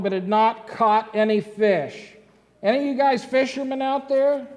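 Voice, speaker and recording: High-voiced pastor preaching in a reverberant church. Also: male voice. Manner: lively storytelling with questions to the congregation. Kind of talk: sermon. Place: church sanctuary. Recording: long church-hall reverb.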